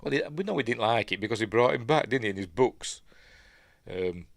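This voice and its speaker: Yorkshire bloke, low-pitched, casual home-stream host who reads articles and rambles off on tangents, dry close sound. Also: male voice, lively intonation, a little fast, gravelly, no echo. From Yorkshire, England. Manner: rambling, chatty asides, audience check-ins. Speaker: livestream news host. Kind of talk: casual livestream commentary, reading articles aloud.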